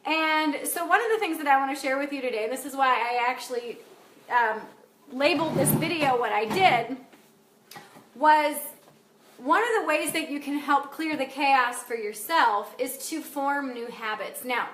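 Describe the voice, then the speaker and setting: Bright, high-voiced woman coach, chatty and laughing. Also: normal speed, reverberant. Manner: chatty, laughing, swears casually. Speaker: life coach. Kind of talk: casual live video talk. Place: home in Wisconsin.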